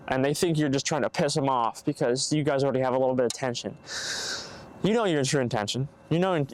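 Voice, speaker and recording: A young man hosting a casual solo podcast, giving earnest, rambling advice and acting out hypothetical conversations. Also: medium pitch. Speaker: podcast host. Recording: faint background noise, bad mic.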